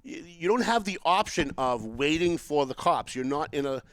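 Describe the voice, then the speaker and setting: Here the Boston-area host's voice sits on the high side, animated and at a moderate pace, with no room sound. He's chatting casually about politics on his podcast, restarting often as he tells a long story.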